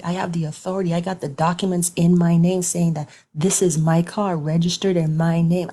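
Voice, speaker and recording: Speaking as a Bible teacher, a woman gives an informal online sermon that is conversational and repetitive, with colloquial grammar. Her voice is lowish and warm.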